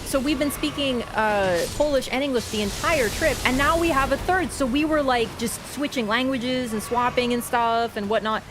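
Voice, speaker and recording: A young woman in her twenties from Canada, casually telling a long story while gaming, chatty and animated with frequent laughter. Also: a little high, moderate pace, few pauses, background noise. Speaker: gaming streamer. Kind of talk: casual storytelling over gameplay.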